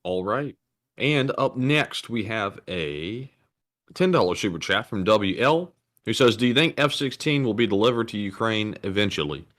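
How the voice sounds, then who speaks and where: A man co-hosting a live stream who reads out viewer donations and messages in a steady, routine way. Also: lowish voice, moderate pace. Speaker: co-host reading viewer donations. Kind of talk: reading out super chats.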